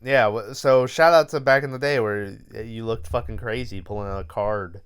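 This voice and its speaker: A man's voice: lowish voice, moderate pace, smooth. A man hosting a podcast, lying on his bed at home as he retells a movie's plot in a loose, profane, casual way. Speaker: podcast host.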